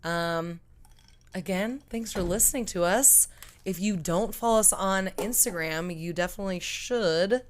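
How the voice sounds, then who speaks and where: A woman's voice: lowish voice, unhurried, a little hiss or hum. A young woman co-hosting a podcast, chatting casually and breaking in with playful asides. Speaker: podcast co-host. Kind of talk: casual chat.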